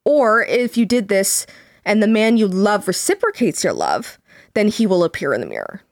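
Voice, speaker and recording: A young woman co-hosts a casual podcast, reading passages aloud in a measured way with small fillers between thoughts. Her voice sits at a middling pitch and is recorded close and dry, with no room sound. The pacing is unhurried and conversational. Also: big pitch swings, dry recording. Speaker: podcast co-host.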